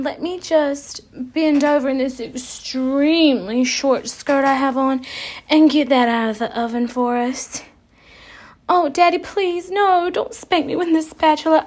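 Brief: woman playing a cheeky kitchen helper in an adult audio role-play, put-on Southern accent, high, slow, breathy and coy. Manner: coy, breathy, teasing, drawn-out sighs.

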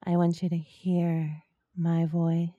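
A woman in whispered role-play, speaking softly and coaxingly, with teasing murmurs close to the microphone. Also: fairly low pitch, level tone, no echo, lo-fi sound. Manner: soft, slow, coaxing and teasing, with breathy murmurs. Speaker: ASMR role-play performer.

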